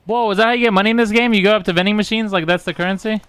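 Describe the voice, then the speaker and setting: A man's voice: high voice, steady tone, very fast, fairly bright tone, clean tone, no room sound. A young man giving casual, joking and profane commentary while playing a video game, sometimes reading its dialogue aloud.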